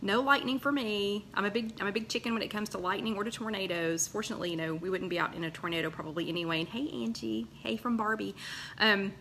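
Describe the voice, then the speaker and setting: Woman, live-stream host, chatty, bright tone, light hiss. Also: medium pitch, fast. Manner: chatty, greets viewers by name, frequent fillers. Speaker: host of a live weight-loss chat. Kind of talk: casual live-stream chat, greeting viewers.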